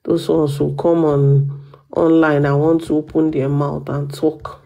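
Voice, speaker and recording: A woman's voice: low-pitched, little pitch movement, measured pace, gravelly, mellow. A woman co-hosting a casual chat, hesitant and sarcastic, with many fillers. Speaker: co-host.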